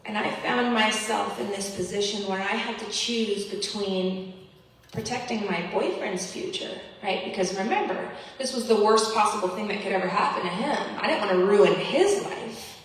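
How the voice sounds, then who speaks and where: A woman's voice: medium pitch, moderate pace. A woman giving an impassioned personal testimony as a keynote speaker, earnest and pleading with emphatic repetition. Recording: echoey hall, voice from far off.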